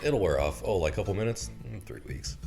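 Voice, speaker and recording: A man's voice: low-pitched, lively intonation, fast talker, gravelly, darkish tone, faint music behind. A man co-hosting a casual movie review podcast, joking and swearing in a wry way. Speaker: podcast co-host. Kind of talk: casual chat.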